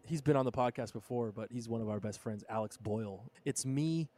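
A man's voice: medium pitch, a little fast, dark tone. A man in his thirties, a podcast co-host, telling a road story in a casual, laid-back way with lots of "dude" and "bro". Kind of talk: casual chat.

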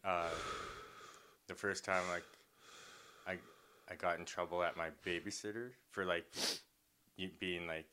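A man's voice: low voice, fairly even intonation, unhurried, long pauses, bright, forceful tone, a little hiss or hum. A young man co-hosting a podcast, telling stories in casual chat, rambling with many fillers and restarts. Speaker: podcast co-host.

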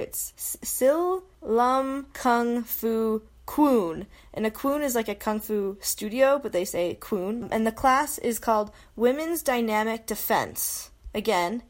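A young adult woman hosting a casual solo podcast, chatty and self-mocking, often laughing and slipping into quoted voices. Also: mid-range voice. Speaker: podcast host.

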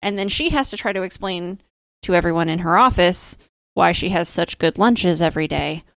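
A woman's voice: fairly low pitch, expressive, moderate pace, no room sound. A woman in her thirties co-hosting a podcast, steadily explaining with a wry touch. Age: 30s. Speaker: podcast co-host. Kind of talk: casual chat.

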